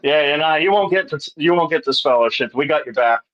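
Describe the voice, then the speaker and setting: A man's voice: a little high, expressive, fairly quick, a bit bright, highs cut off. A man hosting a casual group chat on a video call, joking crudely and laughing often. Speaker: livestream host.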